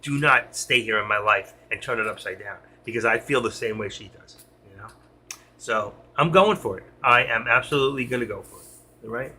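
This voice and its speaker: A man's voice: mid-range voice, a little fast, pushed and bright, a little hiss or hum. A middle-aged man on a live stream, talking to his chat in an emotional, rambling way and answering viewers by name.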